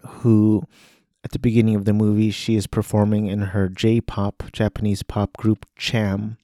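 A man's voice: lowish voice, dark tone, no room sound, clean studio sound. A man hosting a podcast, talking casually about films, rambling with restarts and acting out quoted lines. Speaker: podcast host. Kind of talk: casual film talk.

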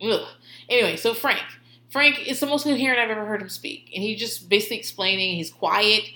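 Bright-voiced woman laughing through a profane recap. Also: medium pitch, a little fast, roomy sound. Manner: profane, laughing, animated storytelling. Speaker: podcast host. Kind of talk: casual recap chat.

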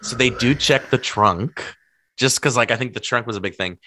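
A man's voice: mid-range voice, normal speed, pushed and bright, no room sound. A man telling stories in casual chat, rambling and packed with filler words. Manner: laughs while telling stories.

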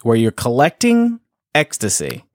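A man's voice: mid-range voice, wildly swooping pitch, unhurried, no echo, studio quality. A man hosting a casual podcast game segment, teasing and playful as he quizzes his guests. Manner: playful, teasing quiz-master. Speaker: host.

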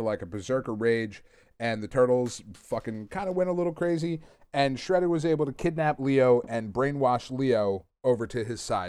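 A man's voice: mid-range voice, smooth, no room sound. A man hosting a podcast, chatting casually about comic books in a rambling, swearing, self-mocking way. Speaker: podcast host. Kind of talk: casual chat, comic book review. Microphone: podcast microphone.

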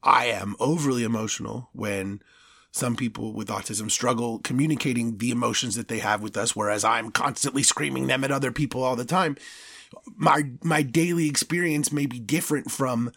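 A man behind a studio podcast mic, ranting on his own with real heat. His voice sits in a middle pitch, and the sound is dry and close, with no room around it. He stammers and restarts when he gets worked up. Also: normal speed, gravelly, fairly bright tone, slightly rough, no room sound. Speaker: podcast host. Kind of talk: solo podcast rant.

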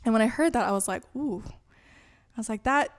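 Animated woman telling a faith story. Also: on the high side, normal speed. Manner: animated, acts out her own past thoughts in quotes. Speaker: guest. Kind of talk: conversational storytelling. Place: church.

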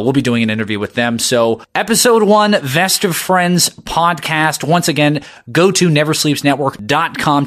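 A man's voice: medium pitch, a bit bright. A man hosting a podcast, giving an upbeat, earnest opening introduction. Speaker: podcast host.

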